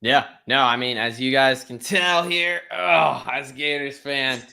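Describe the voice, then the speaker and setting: A man co-hosting a sports betting podcast, chatting casually with a hyped-up, drawn-out delivery. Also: medium pitch, vocal fry, sharp tone. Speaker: podcast co-host.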